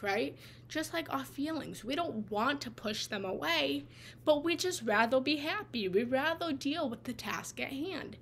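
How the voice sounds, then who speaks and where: A woman's voice: fairly high pitch, a bit bright, a little hiss or hum. A woman giving a live spiritual talk as a meditation teacher. She speaks conversationally and keeps checking in with "right?". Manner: conversational, tags lines with "right?". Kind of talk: live guided talk on feelings.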